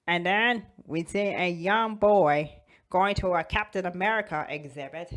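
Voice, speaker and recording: A woman hosting a toy channel, telling a fan story in a casual, animated way with frequent giggles. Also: fairly low pitch, measured pace.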